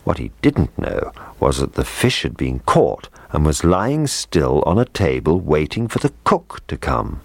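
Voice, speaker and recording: A man reading a children's story aloud in a gentle, expressive way. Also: low-pitched, husky, no echo.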